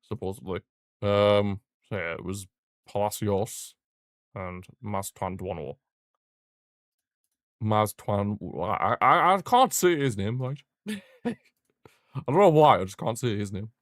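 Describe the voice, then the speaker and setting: A man's voice: fairly low pitch, animated, slow, pauses often, no echo. Male streamer, casual partisan football commentary, blunt trash talk, dry close mic. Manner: partisan, blunt, mocking the rival team. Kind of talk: casual live fan commentary.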